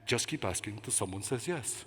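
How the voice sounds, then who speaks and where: A man doing a suave Spanish mentor, deep and slow. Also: animated, background noise, lightly acted. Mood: calm wisdom. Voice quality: deep, smooth, slow purr. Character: suave older Spanish male sales mentor. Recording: reverberant conference hall.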